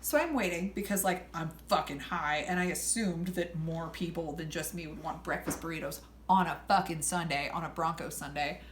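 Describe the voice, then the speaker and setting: Loud, animated young woman telling a story. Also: sits low, moderate pace, hardly any pauses. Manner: loud, animated, swears a lot, acts out quoted people. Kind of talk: casual storytelling. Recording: echoey room, faint background hum.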